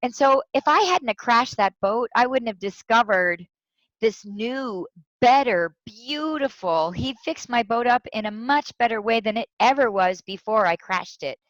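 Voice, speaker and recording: A woman speaker, a guest in an interview, telling a personal story with lively quoted voices. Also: fairly high pitch, unhurried, dry recording. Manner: animated, tells stories with quoted voices. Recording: dull lo-fi sound.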